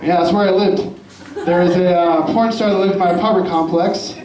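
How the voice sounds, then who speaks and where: High-voiced man doing crude stand-up. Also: steady tone, fairly quick, darkish tone, recorded from a distance. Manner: crude, rambling, laughs at own jokes. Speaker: stand-up comedian. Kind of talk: stand-up set. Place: comedy club stage. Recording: roomy club sound from afar. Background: audience laughter.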